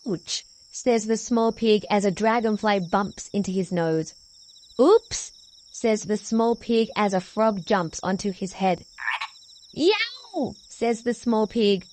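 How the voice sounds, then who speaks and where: A woman reading a children's picture book aloud, slowly and clearly, with small character voices. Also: mid-range voice, fairly even intonation, a little mellow, slight background noise. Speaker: preschool teacher reading aloud. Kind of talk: children's read-along.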